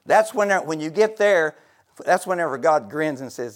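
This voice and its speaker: A man preaching a fervent sermon who swings between hushed, intimate talk and loud shouts, with frequent laughter. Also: a little high, expressive, normal speed.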